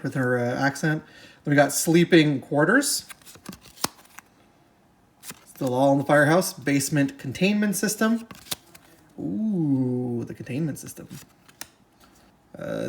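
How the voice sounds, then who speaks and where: A person casually presenting a board game unboxing, talking in a chatty, halting way that keeps correcting itself, and sounding upbeat and easily delighted. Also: mid-range voice.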